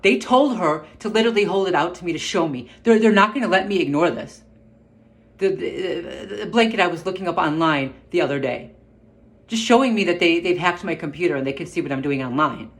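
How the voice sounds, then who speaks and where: A vlogger ranting to the camera in barely held-back anger, stumbling and restarting as they speak while they try to keep their temper. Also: medium pitch. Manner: agitated, restrained anger, repeated restarts. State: upset, on the verge of an outburst. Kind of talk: angry personal rant to camera. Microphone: camera mic.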